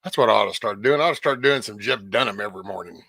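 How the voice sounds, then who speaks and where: A man's voice: lowish voice, very fast, creaky, sharp tone, no room sound, clean studio sound. A man vlogger chatting casually and plainly to his viewers. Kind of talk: casual chat.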